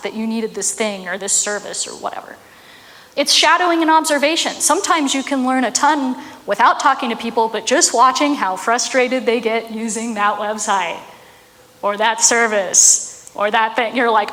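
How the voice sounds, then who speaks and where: A woman's voice: high voice, a bit bright, in a large hall. A woman giving a casual, chatty talk on marketing, often tossing in "right?" asides. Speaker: marketing speaker.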